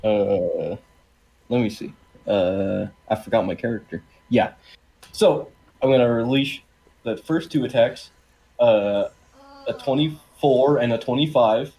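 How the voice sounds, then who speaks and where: A man's voice: mid-range voice, unhurried, dark tone, poor audio. A man playing a tabletop game, casual, crude and rambling as he narrates his character's moves. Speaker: player.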